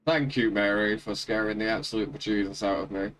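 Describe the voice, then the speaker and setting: A man casually live-streaming a sim race. He chats and rambles, greets viewers by name and thinks out loud about his car setup. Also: on the low side, fairly even intonation, fairly quick. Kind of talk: casual live-stream chat while racing. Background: loud music.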